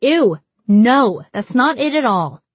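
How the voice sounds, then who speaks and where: A woman's voice: on the high side, unhurried, no room sound, voice pushed up. A woman doing an exasperated, insistent young woman. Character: earnest young woman, firm protective friend.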